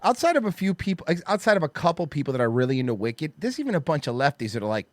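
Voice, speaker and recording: A man's voice: on the high side, very animated, quick pace, no echo. Guy hosting a podcast, crude mocking rants, dry close sound, voice jumps all over. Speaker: podcast host. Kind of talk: casual comedic banter.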